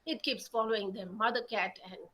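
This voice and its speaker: A woman telling stories aloud in an expressive, dramatic way. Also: a little high, low-quality recording. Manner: expressive, slow, dramatic storytelling. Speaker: storyteller. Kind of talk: animated oral storytelling.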